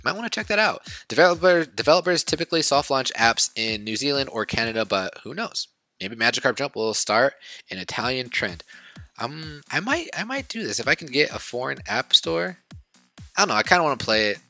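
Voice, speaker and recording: A man's voice: medium pitch, very animated, brisk, sharp tone, soft background music. A man in his twenties casually rambling through gaming news in a chatty, self-deprecating way. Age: 20s. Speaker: YouTube news host.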